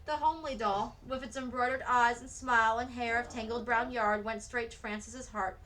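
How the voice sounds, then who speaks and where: Lady reading a kids' novel aloud, steady, bright voice. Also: a little high, normal speed, slight background noise, low-quality recording. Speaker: read-aloud narrator.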